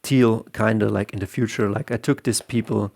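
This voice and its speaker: A man's voice: on the low side, fairly even intonation, normal speed, gravelly, a little mellow. A man who is a comic artist, explaining his comics in loose, rambling casual talk and often repeating words as he restarts.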